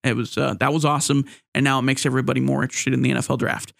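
A man's voice: medium pitch, level tone, racing, vocal fry, fairly bright tone, dry recording, clean studio sound. A man hosting a solo sports podcast, rambling and joking, with many fillers and restarts. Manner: joking, playful asides.

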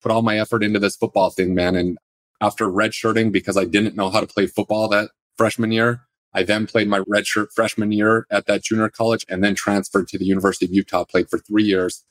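A man, a former pro football player, calmly recounting his career as a podcast guest in a plainspoken, steady way. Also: fairly low pitch, a little fast, dry recording. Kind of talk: casual storytelling interview.

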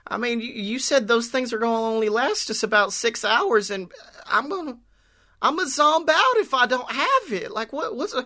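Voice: mid-range voice, animated, moderate pace, sharp tone, pitched above the performer's own voice. A podcast host voicing a nervous, zombie-bitten pet chicken with a Southern accent and a stammer. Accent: American Southern.

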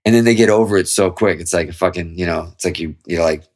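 A middle-aged man with a very low, deep voice speaks as a guest guitarist in an easygoing interview. He talks candidly and at length, swearing freely as he works through his ideas. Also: quick pace. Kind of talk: casual interview chat.

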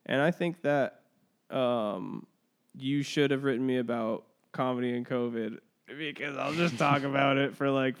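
A man's voice: medium pitch, unhurried. A man hosting a casual podcast, joking loosely and swearing freely. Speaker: podcast host.

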